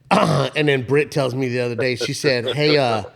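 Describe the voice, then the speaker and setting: A man's voice: mid-range voice, fairly even intonation, measured pace, gravelly. A man co-hosting a podcast in casual chat, telling a rambling, profane story and laughing often along the way. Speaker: podcast co-host.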